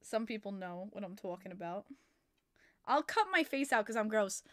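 A woman hosting a casual hockey podcast livestream, excitable, laughing often and swearing freely as she reads chat messages. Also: mid-range voice, brisk, no echo, studio quality. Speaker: podcast host.

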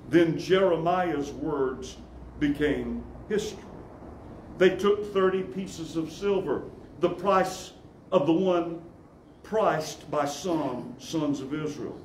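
A man preaching a sermon, reading scripture as a dramatic story and dropping low and quiet on solemn lines. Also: slight background noise. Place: church sanctuary. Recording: echoey church room, faint ambience.

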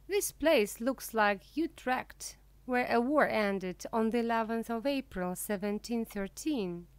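A woman reading a humorous book aloud slowly and clearly for language learners. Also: a little high, no room sound. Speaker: audiobook reader.

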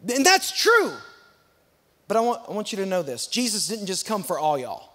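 A man preaching a sermon as a guest pastor, with emphatic repeated refrains and sudden loud peaks. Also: sits high, animated, a little fast. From Texas. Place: church auditorium. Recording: long reverb of a church hall.

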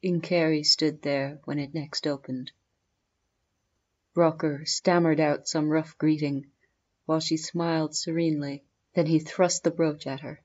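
A woman reading a fantasy story aloud as an audiobook narrator, in a measured storytelling delivery. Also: low-pitched, darkish tone, dull audio.

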